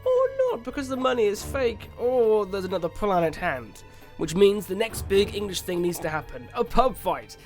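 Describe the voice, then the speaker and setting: A fairly high-pitched man talks through a video game review in quick, excitable bursts. He reacts loudly to the big moments. Game music plays clearly under his voice.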